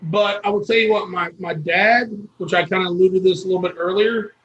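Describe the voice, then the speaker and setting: A high-voiced man telling a story. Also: fairly even intonation, brisk, fairly bright tone, roomy sound, lo-fi sound, slight background noise. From Florida. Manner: folksy and earnest, with quoted dialogue. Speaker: guest. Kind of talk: storytelling interview.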